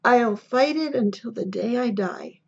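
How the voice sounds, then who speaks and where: Lady reading as a proud preacher dad, quiet but super firm, slow and gravelly, muffled audio. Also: a little high, exaggerated voice. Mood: angry. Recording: dull lo-fi recording.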